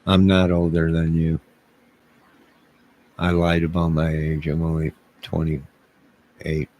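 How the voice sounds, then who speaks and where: A man's voice: extremely low pitch, completely flat delivery, takes it slowly, darkish tone. A man livestreaming, joking with his chat in a mock-indignant way and talking back to viewers.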